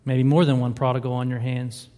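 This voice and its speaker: A man's voice: mid-range voice, little pitch movement, brisk, warm tone. A man preaches a sermon, pressing his point through repeated, emphatic rhetorical questions. His mid-range voice carries a long reverb from the church hall around him. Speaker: pastor.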